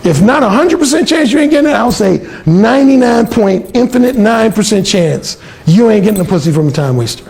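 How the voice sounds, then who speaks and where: A man coaching on dating, telling a story in a blunt, profane and animated way. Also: high voice, a little fast, creaky, few pauses. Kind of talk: casual storytelling monologue.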